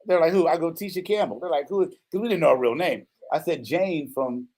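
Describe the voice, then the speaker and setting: A brisk man in his fifties with a slightly high voice hosts a relaxed show. He spins a story animatedly, playing out the quotes and dropping in "right?" again and again.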